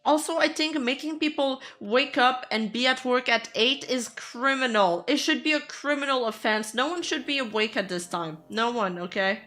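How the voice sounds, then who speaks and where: A woman's voice: high voice, moderate pace, hardly any pauses, faint music behind. Chatty woman streamer. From Canada. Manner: chatty and animated, laughs easily. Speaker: streamer reacting to a video. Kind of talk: casual reaction stream chat.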